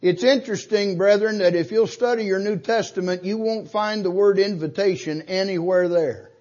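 A man's voice: sits high, moderate pace, muffled recording. An older man preaching a sermon, pressing his point with rhetorical questions and punching key words. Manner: emphatic, rhetorical questions, rising to loud stresses.

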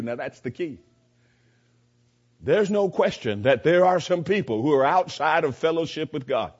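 A man's voice: a little high, a little mellow, slightly rough. A man giving a verse-by-verse Bible teaching, emphatic and repeating his key points. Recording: dull lo-fi recording.

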